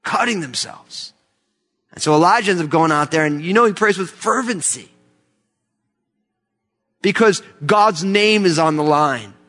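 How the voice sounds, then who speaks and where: A man's voice: fairly high pitch, animated, normal speed, long pauses, a bit bright. A man from the United States preaching a sermon, emphatic and fervent, with many rhetorical questions. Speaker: pastor. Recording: long hall reverb.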